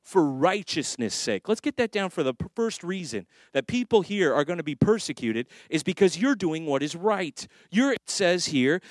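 Lively preaching pastor, dry close sound. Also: male voice, fairly high pitch, no room sound. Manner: conversational preaching with lively acted asides. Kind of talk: sermon.

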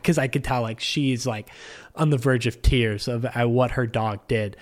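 This man's medium-pitched voice moves at a normal speed. As a podcast guest in his living room, he rambles through a long anecdote, leaning heavily on "like" and acting out what people said, in a casual storytelling chat.

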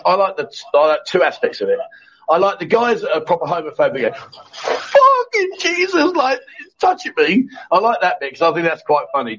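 Reading viewer comments on a casual live chat show, a man jokes and banters with his co-host, restarting often. His voice is a little high and a bit bright, and the stream audio is dull and lo-fi.

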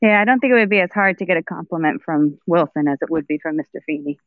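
A woman's voice: on the low side, quick pace, no room sound. Woman, casual chat, thoughtful, phone-like tinny line, dry sound.

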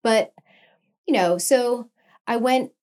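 A woman's voice: a little high, slow pace, a little mellow. A middle-aged woman, a podcast guest, candidly recounting personal experiences in a conversational way, quoting her own thoughts as she goes. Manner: earnest, emotional retelling with quoted inner speech. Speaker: podcast guest, nurse anesthetist and founder.

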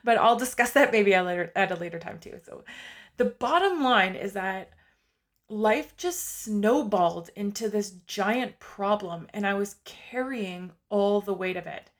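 A woman's voice: medium pitch, animated, unhurried. A woman in her forties telling her own story in a candid, confessional monologue with casual fillers.

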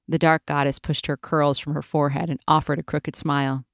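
A woman author reading her own story aloud in a measured, expressive way. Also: sits low, dry recording, studio quality.

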